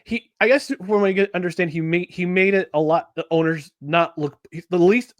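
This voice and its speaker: A man's voice: high-pitched, brisk, no room sound, lo-fi sound. A man co-hosting a sports podcast in casual chat, rambling with lots of restarts and fillers. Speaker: podcast co-host.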